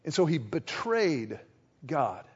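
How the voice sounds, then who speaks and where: A high-pitched male pastor delivers a sermon with a voice that swoops all over the place. He slips into little acted-out exchanges to make his points. The sound is a bit dull and lo-fi. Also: slow, slightly rough. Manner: animated, acts out little quoted exchanges.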